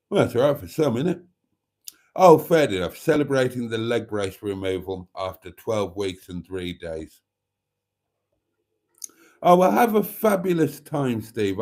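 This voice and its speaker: A man's voice: medium pitch, mellow. Chatty man reading out live comments. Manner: chatty and camp, reads viewer comments aloud. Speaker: live stream host. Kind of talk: late-night live stream chat reading comments.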